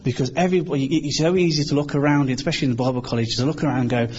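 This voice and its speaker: A man's voice: mid-range voice, fairly even intonation, very fast, hardly any pauses, a little mellow. A British man giving an informal, earnest sermon in a conversational way, acting out quoted voices now and then. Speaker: preacher. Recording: slightly dull, faint background hiss.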